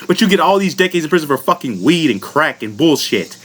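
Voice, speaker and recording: A man's voice: fairly high pitch, sing-song, fairly quick, a bit bright, husky. A man from the United States delivering a furious, profane political rant into the camera as a vlogger, blunt and unfiltered. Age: adult.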